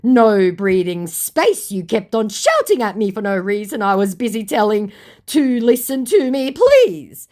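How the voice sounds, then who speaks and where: A woman voicing a pleading, evasive male online scammer, slow and wheedling. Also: mid-range voice, very animated, a little mellow, voice pushed up. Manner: wheedling, drawn-out.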